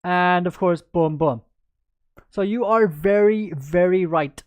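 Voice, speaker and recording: A woman's voice: lowish voice, takes it slowly, no echo, narrow, tinny audio. A woman chess coach in a livestreamed lesson, chatty and upbeat, answering viewers by name as she goes through moves.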